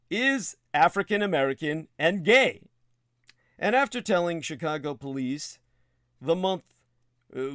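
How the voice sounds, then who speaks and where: Slow-talking man hosting a livestream monologue. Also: a little high, a bit bright, dry recording, clean studio sound. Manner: digressive, reads passages then adds wry asides; hesitant, with frequent filler sounds. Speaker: livestream host. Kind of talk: livestream monologue reading news aloud.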